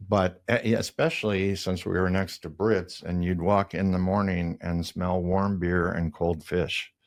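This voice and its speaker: A man's voice: deep voice, flat delivery, measured pace. A man in his sixties from the Minneapolis area, a designer guest telling rambling anecdotes in a casual interview. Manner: rambling anecdotes with laughs and mimicked voices.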